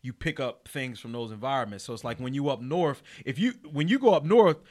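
A man from Pennsylvania hosting a podcast, asking relaxed follow-up questions in casual chat. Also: mid-range voice, a little fast. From Chester, Pennsylvania, US. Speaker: podcast host.

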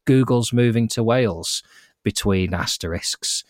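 A man's voice: fairly low pitch, unhurried, no room sound, clean studio sound. A man co-hosting a podcast, casually reading out listener messages with playful, self-mocking asides. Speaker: podcast co-host.

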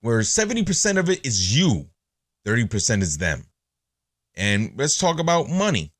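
Blunt, animated man on a podcast. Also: medium pitch, normal speed, no echo, clean studio sound. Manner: blunt, profane, animated storytelling. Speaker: podcast host. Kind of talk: casual monologue.

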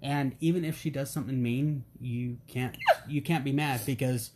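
A man's voice: medium pitch, normal speed, background noise. A middle-aged man as a podcast guest, telling family stories in a casual, joking way and acting out the voices in them. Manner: animated storyteller, acts out quotes, jokey. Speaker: interview guest.

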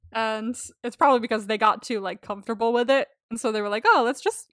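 A woman with a slightly high voice talks briskly and in a steady tone, recorded at studio quality without echo. Co-hosting a podcast recap, she chats casually and animatedly, swears freely, laughs often, and acts out quotes.

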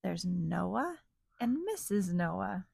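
A woman reading a picture book aloud to children, animated and asking them to join in with sounds. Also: on the low side, very slow, vocal fry, husky, no room sound, clean studio sound.

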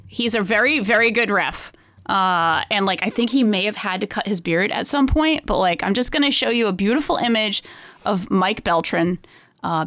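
A woman co-hosting a podcast, chatting casually in a gushing, excitable way and swearing freely. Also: medium pitch, gravelly. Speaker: podcast co-host. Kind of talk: casual chat.

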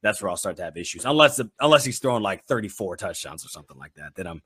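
Man, co-host, low voice, hesitant casual chat, dry far sound. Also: sing-song, rapid-fire, a bit bright, breathy edge, no echo. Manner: hesitant, full of likes. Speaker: podcast co-host.

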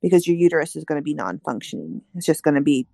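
Lowish woman explaining, many ums. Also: very animated, fast talker, vocal fry, dark tone, no room sound, studio quality. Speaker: co-host reading news. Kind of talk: casual podcast discussion.

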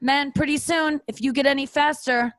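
A woman's voice: high-pitched, steady tone, moderate pace, fairly bright tone, no room sound, studio quality, pitched above the performer's own voice. A woman mocking a condescending male running coach. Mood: patronizing. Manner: patronizing, sing-song encouragement.

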